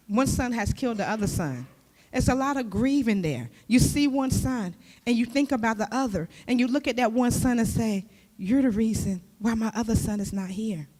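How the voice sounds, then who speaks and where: Woman church speaker, conversational sermon, lively, pointed questions to the room, long hall reverb. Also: a little high. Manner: lively, with rhetorical questions to the audience. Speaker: church speaker and youth teacher.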